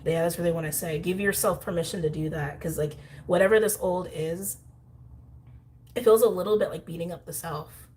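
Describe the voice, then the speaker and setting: A young woman with a slightly low voice gives a tarot and astrology reading. She talks straight to her viewers in a chatty, animated way. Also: fairly quick. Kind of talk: intuitive tarot reading to camera.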